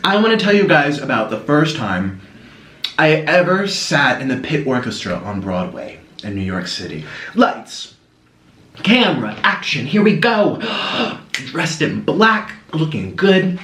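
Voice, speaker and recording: A man's voice: on the high side, big pitch swings, a little slow, fairly bright tone. A man chatting casually to the camera as he eats, cooing now and then at his pet. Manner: chatty, coos at his pet between bites. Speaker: food vlogger. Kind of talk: casual mukbang chat to camera. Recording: echoey room with faint noise.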